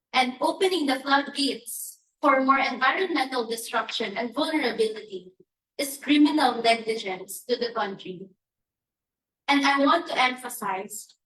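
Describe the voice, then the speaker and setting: Emphatic Filipino woman, high bright voice. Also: a little hiss or hum. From Philippines. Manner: emphatic, deliberate, listing demands. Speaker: church advocacy speaker. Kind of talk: prepared press briefing statement. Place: conference press room. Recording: echoey room, from a distance.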